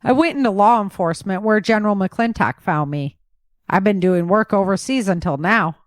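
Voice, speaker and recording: Woman doing a wisecracking little soldier guy, quick comebacks, dry close voice. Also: mid-range voice, no echo, natural voice. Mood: plain. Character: smaller wisecracking male soldier.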